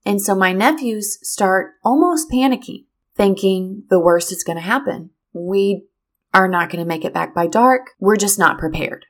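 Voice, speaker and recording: Animated middle-aged woman telling a story. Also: mid-range voice, normal speed. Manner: animated, addresses listeners directly. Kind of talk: personal storytelling talk.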